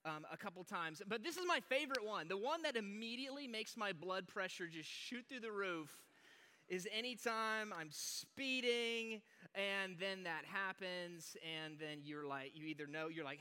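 A man's voice: high-pitched, moderate pace, bright, forceful tone, clear, resonant tone. A man youth pastor, giving a chatty, joking sermon full of fillers and restarts to a live audience. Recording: long hall reverb.

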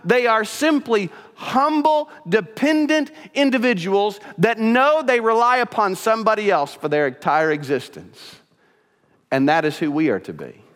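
Pastor, male, slightly high voice, earnest preacher building to emphatic repetition, church hall reverb. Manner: earnest, rising to emphatic preaching with repeated phrases. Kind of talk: sermon. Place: church sanctuary.

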